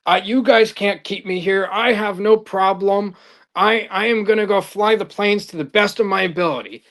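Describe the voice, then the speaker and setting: A man's voice: high voice, expressive, a little fast, fairly bright tone. A man voicing a defiant, angry male airline pilot who protests being kept in rehab. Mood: indignant. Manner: protesting, indignant ranting.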